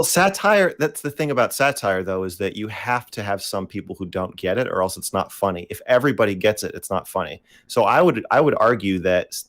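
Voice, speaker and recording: A man co-hosting a casual chat, speaking in a thoughtful, measured way. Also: fairly low pitch, no room sound.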